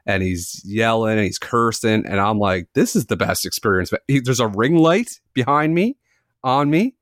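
A man's voice: fairly low pitch, lively intonation, moderate pace, a bit bright, no room sound, clean studio sound. A man in his forties, a podcast co-host telling a long, self-mocking story in a casual chat, with filler words and the odd swear. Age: 40s.

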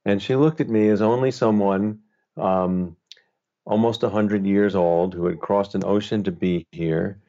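A middle-aged male author, a guest on an interview, telling a personal story in a gentle, thoughtful, unhurried way. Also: on the low side, steady tone. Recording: slightly dull, lo-fi sound.

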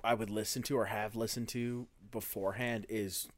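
A man's voice: fairly low pitch, level tone, normal speed. A young man co-hosting a casual album review podcast, laid-back, laughing often and swearing. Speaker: podcast co-host.

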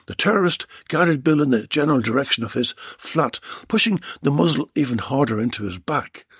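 A man's voice: medium pitch, animated, brisk, fairly bright tone, slightly rough, dry recording, studio quality. A man narrating a story chapter in a wry, dramatic reading style.

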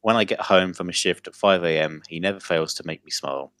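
A man's voice: sits low, brisk, smooth, no room sound. A young man co-hosting a podcast, reading a funny news story aloud in casual chat and often breaking into laughter. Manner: giggly, breaks into loud laughter while reading. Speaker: podcast co-host.

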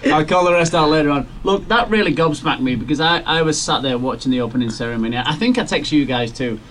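A man co-hosting a sports podcast, telling stories in an animated, casual way. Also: a little high, fast talker. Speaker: podcast co-host. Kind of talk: casual chat.

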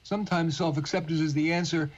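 A man with a New York and Californian accent joins over the phone as a guest career coach. His voice sits a little high and comes through dull and lo-fi, and he mixes joking remarks with earnest explanation. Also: steady tone, fast talker. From United States. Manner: jokey, then earnest and explanatory. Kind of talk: phone interview. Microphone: phone line.

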